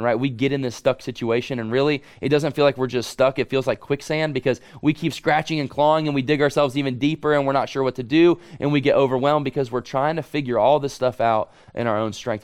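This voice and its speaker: A man's voice: medium pitch, a little fast. A male pastor preaching a sermon in an earnest, emphatic way, often repeating phrases for stress.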